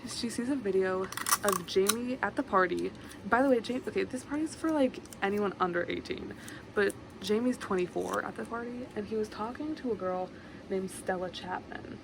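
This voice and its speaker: A young woman talks through a book's plot in a loose, chatty ramble, full of fillers and quick asides. Her voice has a gravelly fry to it. A fan hums clearly in the room behind her. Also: mid-range voice. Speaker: book vlogger. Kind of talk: casual book summary to camera. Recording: noisy room with a fan running.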